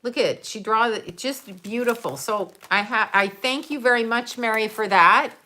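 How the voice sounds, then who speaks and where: A woman's voice: a little high, moderate pace, bright, forceful tone. A middle-aged woman chatting casually to her viewers, rambling with many fillers as she shows and thanks them for gifts. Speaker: vlogger opening gifts for viewers. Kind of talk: casual chat to camera.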